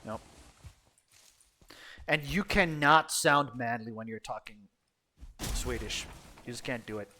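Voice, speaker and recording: A man's voice: mid-range voice, takes it slowly, long pauses, bright, forceful tone, slight background noise. A man chatting casually while streaming a game, rambling and swearing bluntly. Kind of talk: casual gameplay chat.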